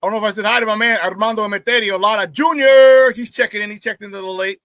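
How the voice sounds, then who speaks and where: A man's voice: high voice, steady tone, very fast, fairly bright tone, no room sound. A man hosting a casual sports talk show, brash and profane, trash-talking rivals and laughing often between remarks.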